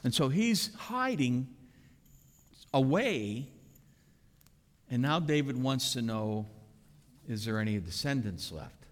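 A man preaching a sermon with animated, dramatic emphasis, recorded in a reverberant church sanctuary. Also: mid-range voice, takes it slowly, pauses often. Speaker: pastor. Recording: reverberant hall.

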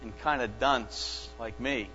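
Slow, earnest male pastor preaching. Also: mid-range voice, fairly even intonation, pushed and bright. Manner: slow, earnest storytelling with dramatic pauses. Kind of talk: sermon. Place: church sanctuary. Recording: dull lo-fi church recording with long reverb and mains hum.

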